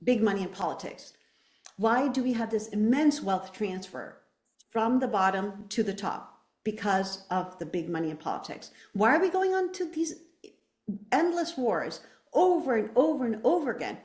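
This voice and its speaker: A woman's voice: fairly high pitch, big pitch swings, normal speed, darkish tone, echoey room. A woman running for office, answering interview questions with passion and emphatic rhetorical questions. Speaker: political candidate.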